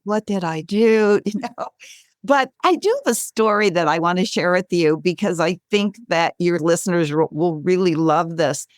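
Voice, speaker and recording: A woman in her sixties, a guest author and speaker, telling stories in an interview with lively, laughing delivery. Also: normal speed, dry recording, studio quality. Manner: animated, acts out quotes with bright pitch jumps, laughs often. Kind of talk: conversational storytelling.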